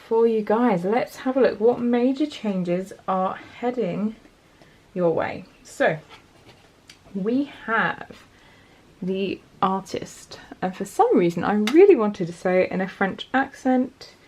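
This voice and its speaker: A woman's voice: mid-range voice, lively intonation, slow pace, darkish tone, slightly rough. Chatty woman giving a tarot reading. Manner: chatty and encouraging, addressing viewers directly. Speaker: tarot reader. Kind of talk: casual pick-a-card tarot reading.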